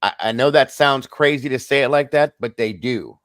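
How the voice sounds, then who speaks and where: A man's voice: mid-range voice, moderate pace, a bit bright, clear, resonant tone, no room sound. A middle-aged man hosting a casual livestream chat, telling a personal story earnestly and talking straight to his viewers. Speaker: host.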